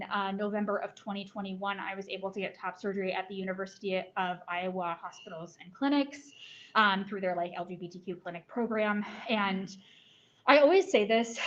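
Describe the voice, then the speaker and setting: A woman telling her personal story at a talk, earnest, with many ums and likes. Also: mid-range voice. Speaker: guest speaker. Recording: dull lo-fi recording.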